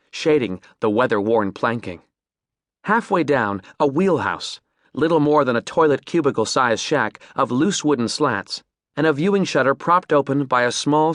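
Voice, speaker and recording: A man narrating an audiobook in a vivid, expressive storytelling manner, recorded on a studio microphone. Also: medium pitch, dry recording. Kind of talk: scripted narration.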